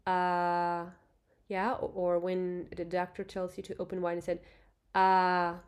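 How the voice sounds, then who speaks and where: A woman teaching beginners the Thai script, explaining slowly and patiently and demonstrating sounds, with many fillers. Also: fairly low pitch, darkish tone. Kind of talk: online language lesson.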